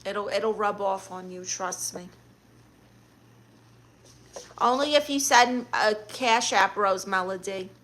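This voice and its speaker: A woman's voice: medium pitch, unhurried, fairly bright tone. A woman with a Brooklyn accent streaming live, reading viewer comments aloud and answering them with blunt, sassy comebacks. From Brooklyn, New York.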